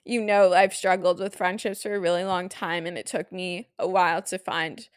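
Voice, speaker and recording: A woman's voice: on the low side, level tone, moderate pace, clear, resonant tone, dry recording. Young canadian woman teary on her podcast, gushy, says like a lot, dry close sound. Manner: emotional, gushing, lots of "like" and "um". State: teary, near crying. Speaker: podcast host. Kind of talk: casual solo podcast chat.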